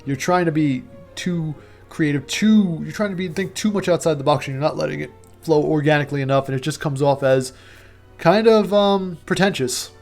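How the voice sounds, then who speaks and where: Sweary sarcastic guy ranting about a movie, kinda high voice, faint music behind. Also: normal speed, darkish tone. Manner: profane, sarcastic, rambling with many fillers. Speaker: movie reviewer. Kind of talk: casual opinionated rant.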